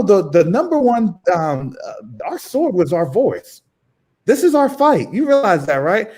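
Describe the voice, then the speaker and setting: A man with a fairly high voice delivers fervent religious commentary. He preaches emphatically and hammers points home by repeating phrases. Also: a little mellow.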